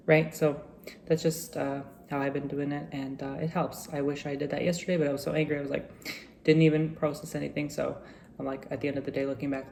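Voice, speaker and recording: Casting: man with a gravelly voice, relaxed and reflective casual vlog chat. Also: a little high, quick pace, a little hiss or hum. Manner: relaxed, reflective, chatty with frequent fillers. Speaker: vlogger.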